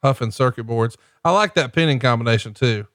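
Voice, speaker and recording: Brief: mid-pitched man, sarcastic crude commentary, dry close sound. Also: a little fast, no echo. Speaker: podcast co-host watching wrestling. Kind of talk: casual profane commentary.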